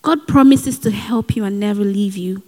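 A woman's voice: medium pitch, normal speed, darkish tone. A woman preaching a sermon in an earnest, exhorting way, with personal asides. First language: not given. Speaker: speaker at a Christian gathering. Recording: hall with long reverb.

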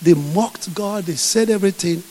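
A man preaching a sermon, telling a Bible story with lively acting. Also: high voice, moderate pace, a little hiss or hum. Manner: animated storytelling, acting out scenes. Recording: echoey hall.

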